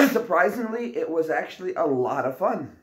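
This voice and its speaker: A man's voice: sits high, sing-song, moderate pace, very noisy. Coughing man in echoey room. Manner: rambling, coughs often. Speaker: co-host. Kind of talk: casual livestream chat.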